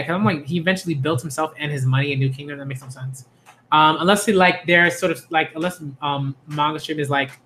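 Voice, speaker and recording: A young man with a notably high, light voice talks through a comic chapter live. He reads passages aloud, then breaks off into excited slang and rambling asides. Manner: hyped slang interjections, laughs, rambling asides. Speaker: manga reaction host. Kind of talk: casual live reading and reaction.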